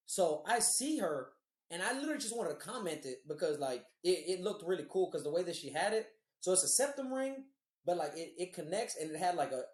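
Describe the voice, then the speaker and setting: A man's voice: high voice, reverberant. A man co-hosting a podcast, telling rambling, profane stories in casual chat. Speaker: podcast co-host.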